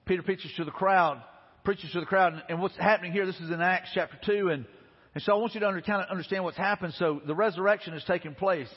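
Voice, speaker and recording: A man pastor with a husky, high-sitting voice talks fast while preaching a sermon. He retells scripture conversationally, restarting often, and the recording has a reverberant hall sound that's dull and lo-fi.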